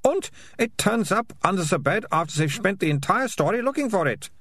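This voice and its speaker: A man voicing a bossy, sharp-tongued young girl who lectures scornfully, in a storybook reading. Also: sits high, big pitch swings, slightly rough, no echo, voice pushed up, full character voice. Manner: lecturing, scornful, rapid-fire.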